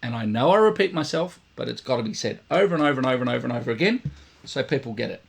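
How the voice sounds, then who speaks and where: Gravelly trumpet teacher explaining. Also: male voice, medium pitch, animated, rapid-fire. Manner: repetitive, demonstrative, vocalizing sounds. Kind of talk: casual video lesson.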